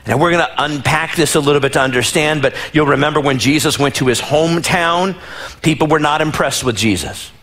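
A man's voice: medium pitch, fairly bright tone. A man preaching a sermon as pastor, dramatic, acting out the people of his story in voices and often repeating and restarting phrases. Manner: dramatic, acts out the Bible figures in voices.

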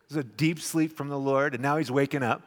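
A man preaching a sermon, dramatic, acting out the quotes loudly and then dropping to a hush. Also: medium pitch, fairly even intonation, fast talker. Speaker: pastor. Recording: long echoing reverb of a large hall.

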